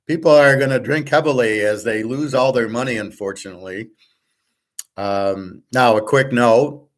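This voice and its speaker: A man's voice: mid-range voice, moderate pace. A man hosting a casual monologue, talking bluntly and rambling, with the odd swear word. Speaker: host.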